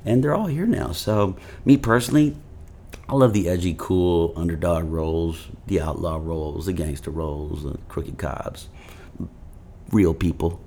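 A man talking as an actor guest in a casual interview, rambling with many "you know" fillers and animated storytelling. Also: low voice, measured pace, slight background noise. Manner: animated storytelling, voices his grandfather.

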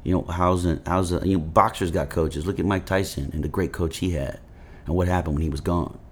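A man talking as an actor guest in a casual interview, rambling with many "you know" fillers and animated storytelling. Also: low-pitched, brisk, breathy edge. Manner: animated storytelling, voices his grandfather.

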